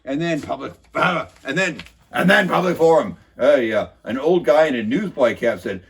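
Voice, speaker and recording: Man, husky voice, mid-range pitch, sarcastic and rambling, casual meeting recap. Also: expressive, moderate pace, few pauses. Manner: sarcastic, rambling, many fillers and restarts. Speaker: local commentator recapping a council meeting.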